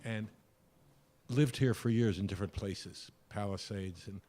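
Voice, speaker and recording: A man's voice: on the low side, measured pace, warm tone. An older retired man giving a rambling, hesitant public comment at a town board meeting. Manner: rambling, hesitant with many uhs.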